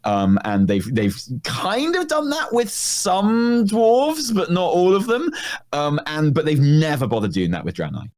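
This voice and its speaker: A man's voice: a little high, big pitch swings, measured pace, a little mellow. A man co-hosting a podcast, chatting casually and jokingly, rambling with lots of fillers. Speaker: podcast co-host. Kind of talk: casual chat.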